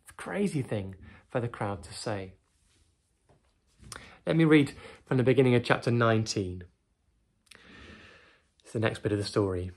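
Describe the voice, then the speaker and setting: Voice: mid-range voice, expressive, normal speed, pauses often. A children's teacher telling and reading a Bible story, often asking the children tag questions.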